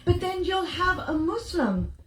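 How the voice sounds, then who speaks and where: A woman's voice: very high voice, sing-song, unhurried, very noisy. A middle-aged woman speaking as a devotional speaker to a gathering, telling anecdotes animatedly, acting out the people she quotes and laughing often. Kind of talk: storytelling talk to a gathering. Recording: echoey room.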